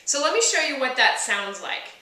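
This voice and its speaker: A young woman gives a singing lesson, explaining each step and breaking into short sung demonstration notes. Her voice is bright and clear, set a little high. It rings with a strong room echo, caught from a few steps away. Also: very animated, moderate pace. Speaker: voice teacher. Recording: echoey room from far off.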